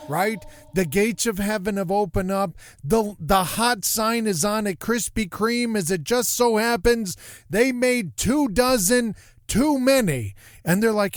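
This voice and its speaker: A man's voice: high-pitched, unhurried, dry recording, clean studio sound. Jokey middle-aged male podcast host. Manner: jokey, self-mocking, animated. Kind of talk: casual comedic podcast monologue.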